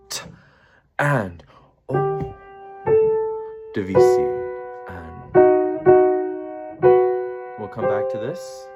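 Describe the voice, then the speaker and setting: A man's voice: lowish voice, animated, drawn-out words, vocal fry, pauses often. A man leading a choir rehearsal, counting beats aloud and demonstrating vocal sounds. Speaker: choir director. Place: rehearsal room with piano. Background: loud piano.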